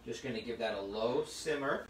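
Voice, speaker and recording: A man's voice: medium pitch, normal speed, a little hiss or hum. A man giving a live cooking demonstration in a kitchen, talking the audience through each step as he cooks. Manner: chatty, explains steps as he cooks. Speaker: cooking instructor. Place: hot kitchen. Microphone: phone streaming to a remote audience. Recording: echoey room, voice from a distance.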